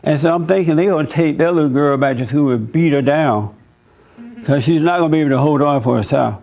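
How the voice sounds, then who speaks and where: A man giving a church talk as pastor, telling stories in an animated, preachy way. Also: a little high, fairly quick, gravelly, lo-fi sound.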